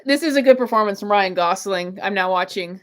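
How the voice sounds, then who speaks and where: A woman hosting a live watch-party stream, chatting casually and gushing with excitable giggles. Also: medium pitch, brisk. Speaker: livestream host.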